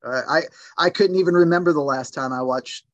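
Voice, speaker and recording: A man's voice: on the high side, fairly quick, dry recording, muffled recording. A man hosting a film podcast, chatting in a playful, joking way. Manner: playful, jokey. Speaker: podcast host. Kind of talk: casual film discussion.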